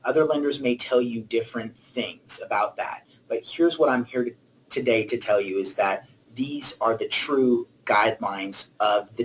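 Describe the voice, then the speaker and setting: A man walks listeners through loan rules in a webinar, steady and mid-pitched. He checks in often with a quick "okay?" between points. A faint hiss sits under his voice. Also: low-quality recording. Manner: explanatory, frequent "okay?" check-ins. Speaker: mortgage originator. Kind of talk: webinar presentation.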